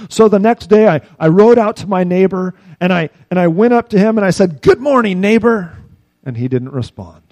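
A man's voice: high-pitched, animated, normal speed, a little mellow, no echo, pitched above the performer's own voice. A man voicing an earnest, repentant landowner retelling his own story, raised and eager in tone.

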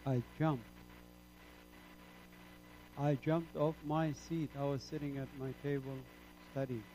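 A man from the Middle East preaches his testimony, his voice pitched high for a man. He talks slowly and emphatically, sinking low and quiet before surging to loud peaks. The recording is a little muffled, with a faint hum behind it. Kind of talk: impassioned sermon testimony.

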